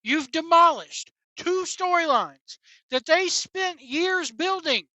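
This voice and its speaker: Speaking slowly with a very high, sharp voice and lively intonation, a female wrestling commentary host goes on an exasperated, blunt, profane solo rant for her talk show. The recording is dry, dull, and lo-fi.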